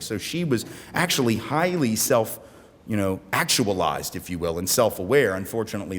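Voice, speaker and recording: An American man giving a conference keynote, animated and gesturing, often checking in with "right?". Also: medium pitch. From United States. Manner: animated, talks with his hands, keeps asking "right?". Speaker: keynote speaker. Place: conference hall in front of an audience. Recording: long reverb of a conference hall.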